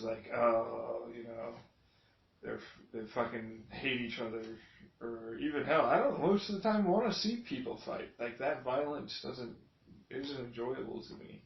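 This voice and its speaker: Foul-mouthed man, slow and echoey. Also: medium pitch, vocal fry. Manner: profane, rambling, flares into shouting anger. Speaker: video journal host. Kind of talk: casual reaction commentary. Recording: dull lo-fi sound in an echoey room.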